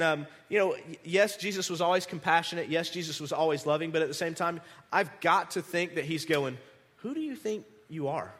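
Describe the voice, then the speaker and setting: A man preaching a conversational sermon, animated, restarting words and acting out the people he quotes. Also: sits high, in a large hall. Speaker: pastor.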